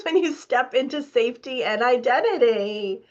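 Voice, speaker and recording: A woman's voice: high voice, moderate pace, highs cut off. A woman as a spiritual coach leading a live online masterclass, reading out participants' comments and urging them on emphatically.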